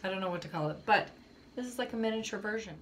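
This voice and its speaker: A woman's voice: medium pitch, animated, racing, a bit bright, slight background noise. A young woman chatting casually to her vlog camera in a rambling way, with lots of fillers and small laughs. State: shivering with cold. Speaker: vlogger. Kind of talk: casual chat.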